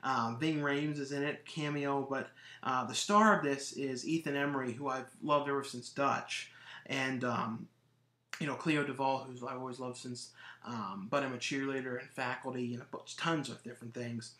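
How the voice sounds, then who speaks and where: Bright-voiced man rambling movie reviews. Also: medium pitch, fairly even intonation, moderate pace. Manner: rambling, heavy on fillers and restarts. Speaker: movie collection vlogger. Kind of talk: casual review monologue. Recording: roomy echo.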